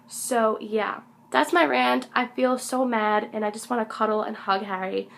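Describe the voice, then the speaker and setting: Teen girl vlogger, hoarse, crisp bright voice, casual rambling recap with lots of ums. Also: fairly high pitch, fairly even intonation, normal speed. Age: teens. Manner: rambling, gushing, many fillers. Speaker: concert fan vlogger.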